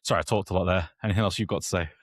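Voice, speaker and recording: Low-voiced man breaking down a match. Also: very fast, no room sound, clean studio sound. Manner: rambling, thorough, self-correcting. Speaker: podcast co-host. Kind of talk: casual football analysis.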